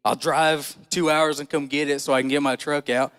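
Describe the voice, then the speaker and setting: A man's voice: mid-range voice, fairly even intonation, moderate pace, few pauses, fairly bright tone, clear, resonant tone. A man preaching a sermon, telling a personal story in a folksy, conversational way and asking the congregation questions. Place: church hall. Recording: church hall reverb.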